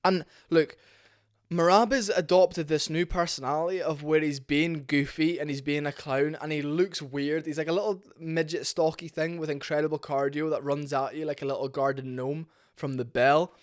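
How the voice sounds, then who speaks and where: A man's voice: on the high side, steady tone, normal speed. A man ranting bluntly in a casual, sweary vlog about fighting. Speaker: MMA commentary vlogger. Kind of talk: opinionated casual rant.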